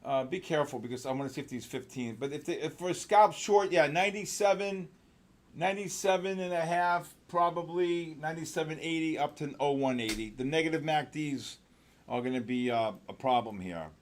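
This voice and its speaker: Excitable male trading-room host. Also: on the high side. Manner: excitable, fast-talking, bursts of loud exclamations. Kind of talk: live trading room commentary.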